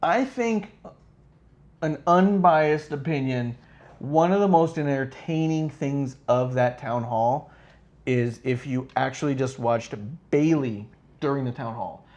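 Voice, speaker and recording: A man chatting on a casual wrestling podcast, talking with a lot of animation. He breaks into exaggerated high-pitched impressions when recapping moments. His voice sits in an ordinary mid range. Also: takes it slowly, darkish tone, muffled recording. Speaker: podcast co-host. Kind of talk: casual chat.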